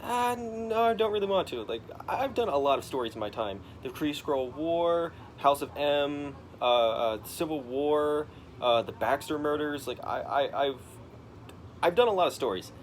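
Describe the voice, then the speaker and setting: A weary veteran newsman, as a man puts him on. He hesitates and stalls, turning down the job with a halting, reluctant delivery. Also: on the high side, lively intonation, slight background noise, lightly acted.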